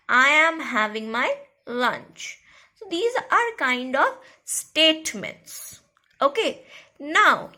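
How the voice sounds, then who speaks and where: A woman teaching a grammar lesson to a school class, repeating key phrases and checking in with "okay?" and "clear?". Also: high voice, sharp tone.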